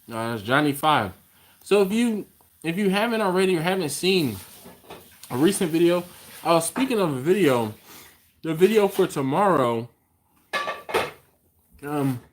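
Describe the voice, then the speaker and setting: A man's voice: a little high, slight background noise. A man with an American accent hosting a casual live stream from a home kitchen, teasing his co-host and reading viewer comments aloud.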